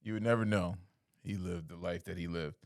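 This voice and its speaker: A young man on a casual podcast with a lowish voice, recorded dry and close. He talks in a laid-back, swearing way, tossing in bro and dude. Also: fairly even intonation, brisk, darkish tone, no room sound. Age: young adult. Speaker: podcast co-host. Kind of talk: casual chat.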